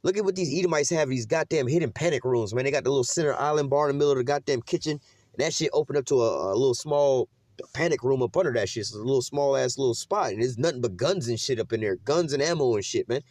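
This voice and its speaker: A man's voice: medium pitch, animated, quick pace, darkish tone, no echo. A man preaching on scripture in a loose, profane, slangy rant, tossing "man" into nearly every sentence. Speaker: Bible teacher. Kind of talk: casual street preaching.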